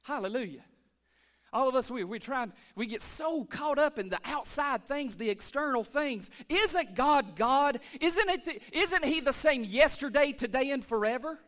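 A man preaching a lively church sermon as pastor, calling for amens and swinging between shouts and hushed asides. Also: very high-pitched, moderate pace. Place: church sanctuary.

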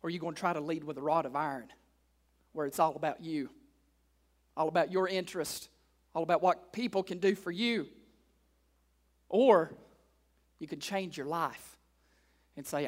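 A male pastor preaching a sermon to his congregation in church, repeating key lines, firing off rhetorical questions and dropping into casual asides, swinging between hushed and loud emphatic delivery. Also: fairly high pitch, moderate pace, long pauses.

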